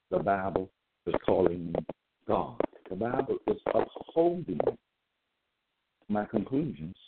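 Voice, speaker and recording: A man's voice: deep voice, vocal fry, heavy background noise. A man giving a solo lecture, reading out verses, repeating his points and asking listeners whether they got it. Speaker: self-styled preacher. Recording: tinny phone-like audio.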